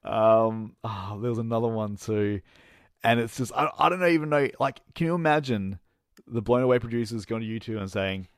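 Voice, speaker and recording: A man co-hosting a casual movie chat, telling the plot in a halting, rambling way with lots of fillers and restarts, laughing at his own jokes. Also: medium pitch, smooth, dry recording, studio quality. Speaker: podcast co-host reviewing movies.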